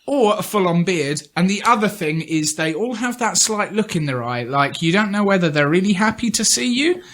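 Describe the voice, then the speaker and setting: A man's voice: high-pitched, expressive, normal speed, a bit bright. A man co-hosting a podcast, telling rambling, joking stories in casual chat. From Ireland. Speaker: podcast co-host.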